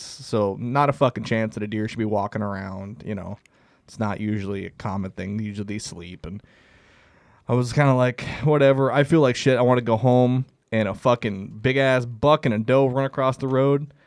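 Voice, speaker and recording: A man's voice: on the low side, no room sound, studio quality. A young man co-hosting a comedy podcast, telling a rambling, profane hunting story. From Canada. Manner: profane, rambling, laughs through stories. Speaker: podcast co-host. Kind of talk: casual storytelling.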